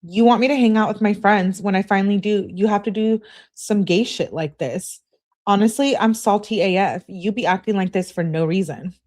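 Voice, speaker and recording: A woman's voice: mid-range voice, moderate pace, a little mellow, natural voice. A woman reading as an exasperated teenage girl. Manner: complaining, exasperated. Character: upset teenage girl, clingy and indignant. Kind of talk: reading text messages aloud.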